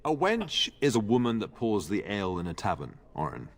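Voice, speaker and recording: A man voicing an older noble father with a gravelly, husky voice and a dry, teasing humor. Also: on the low side, big pitch swings, brisk. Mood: wry.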